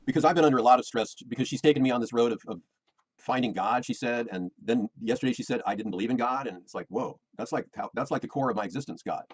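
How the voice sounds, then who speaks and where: A man's voice: mid-range voice, fast talker, slightly rough, low-quality recording. A middle-aged American man, rambling and defensive, repeating himself as he complains about his personal life. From United States.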